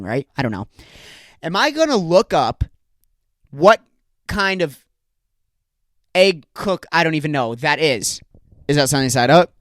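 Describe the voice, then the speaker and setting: Ranting young man, smooth dry voice. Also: medium pitch, no room sound. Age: young adult. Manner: exaggerated mock-angry ranting, rhetorical questions. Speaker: comedy podcast host. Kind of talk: solo comedic rant.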